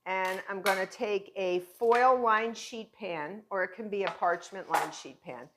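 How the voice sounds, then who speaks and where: A woman's voice: medium pitch, a little slow, noisy background. A middle-aged woman demonstrating pie making as a cooking instructor, chatty and encouraging as she walks viewers through each step.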